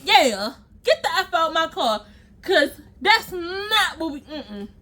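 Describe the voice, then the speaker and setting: A woman vlogger telling a personal story in an animated, emphatic and profane way, acting out scenes with sound effects. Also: very high-pitched, takes it slowly.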